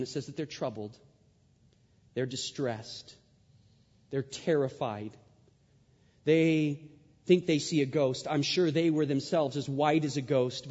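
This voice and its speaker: A man preaching a sermon, telling a story and acting out the lines he quotes with big jumps in his voice. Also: husky. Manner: animated, acts out quotes with big pitch jumps. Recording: dull sound in a large hall.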